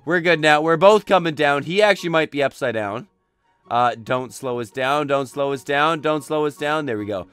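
A hoarse young man with his voice nearly gone, excitedly narrating his gameplay and yelling at each mishap. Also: fairly high pitch, moderate pace, no room sound, soft background music. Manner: excitable, narrates each move, frequent yells. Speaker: gaming commentator. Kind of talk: gameplay commentary.

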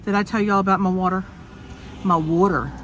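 A woman's voice: mid-range voice, steady tone, fairly quick, a bit bright, slight background noise. Chatty sick woman vlogging from a car. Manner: chatty, joking, swears freely, frequent laughs. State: sick with a cough. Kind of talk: casual chat to camera. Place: inside a car.

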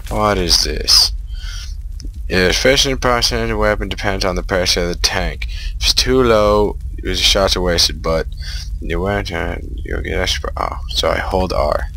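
A man playing a horror game and talking through it, jumpy and quick to exclaim. His voice is very deep, gravelly and drawn out. It sounds like a home recording with a faint hiss behind it. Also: bright, forceful tone. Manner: jumpy, easily scared, lots of exclamations. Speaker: gaming video host. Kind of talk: horror game let's play commentary.

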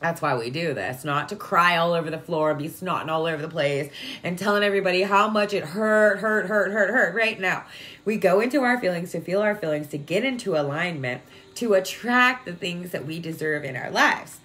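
A woman's voice: on the low side, expressive, normal speed, sharp tone. A woman talking casually to her viewers about energy and feelings, chatty and affectionate, often checking in with "right?". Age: adult with a young daughter. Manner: chatty, full of "like" and "right?", affectionate toward listeners. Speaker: spiritual vlogger. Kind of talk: casual spiritual talk to viewers.

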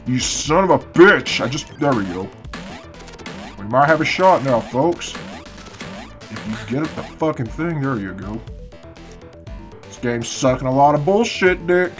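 A man's voice: mid-range voice, lively intonation, measured pace, long pauses, a bit bright, soft background music. A man doing casual gameplay commentary, swearing constantly and grumbling at the game, half asleep early in the morning. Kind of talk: casual let's-play commentary.

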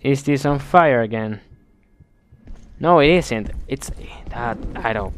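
A man's voice: medium pitch, slow, long pauses, soft background music. A man commenting on a video game as he plays, thinking aloud in a bemused way and often restarting his sentences. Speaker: gameplay commentator. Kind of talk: let's play commentary.

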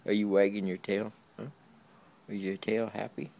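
A little hiss or hum sits under this outdoor backyard clip, where a man with a fairly low, mellow voice and some vocal fry speaks at a normal speed. He's filming on a handheld camera while repeating sing-song baby talk to his dog.

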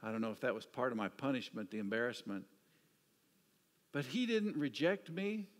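A man preaching a sermon, telling stories with an animated delivery that drops to hushed, quiet asides. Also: mid-range voice, moderate pace. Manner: storytelling, swings from animated to hushed. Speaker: pastor. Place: church sanctuary. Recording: church hall reverb.

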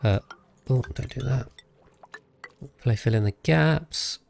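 A man's voice: medium pitch, slow pace, gravelly, darkish tone, slight background noise. A man streaming a video game live, thinking aloud and chatting casually with his viewers as he plays. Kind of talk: casual live gameplay commentary.

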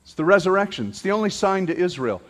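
A male pastor delivering a sermon, asking the congregation rhetorical questions and raising his voice near a shout at peaks. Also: high voice, sing-song, fast talker. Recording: long hall reverb.

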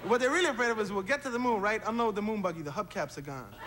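High-voiced man doing stand-up. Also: lively intonation. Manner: fast, punchy storytelling with tag lines. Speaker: stand-up comedian. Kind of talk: stand-up comedy routine. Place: theater stage before a live audience. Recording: noisy 1970s TV stage recording with roaring crowd. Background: loud audience laughter.

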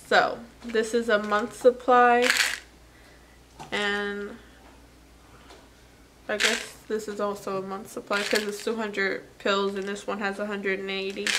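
A woman's voice: medium pitch, heavy background noise. A woman vlogger and new mother talking casually through a product unboxing, chatty and self-deprecating, with fillers like "anywho".

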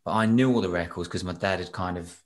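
A young British man, a singer, chatting as a podcast guest and telling animated stories with frequent laughs and restarts. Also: deep voice, fast talker. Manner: animated storyteller, laughs often, many restarts. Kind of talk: casual interview chat.

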